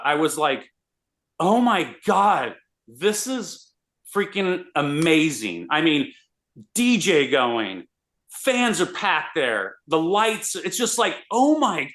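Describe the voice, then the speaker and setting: A man, a radio host, telling an animated story in a casual interview. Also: fairly high pitch. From Austin, Texas. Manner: animated, excitable storyteller with many restarts.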